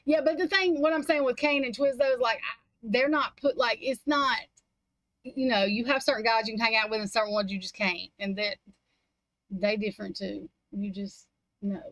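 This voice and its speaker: A woman's voice: a little high, steady tone, moderate pace, a bit bright, no room sound, poor audio. A woman chatting casually on a livestream in a rambling, blunt, heavily profane way. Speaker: livestream chat participant. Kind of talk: casual chat.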